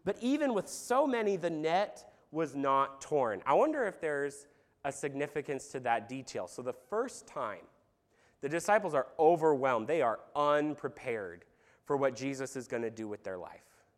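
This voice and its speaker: A man preaching a sermon as pastor, telling a Bible story with lively asides, sarcasm and acted-out quotes. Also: mid-range voice, normal speed.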